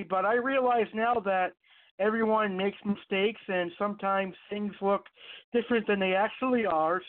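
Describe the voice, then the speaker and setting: A man hosting an online radio show, telling a personal story in a rambling, casual way with many fillers and restarts. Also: high voice. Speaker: podcast host. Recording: tinny phone-line sound.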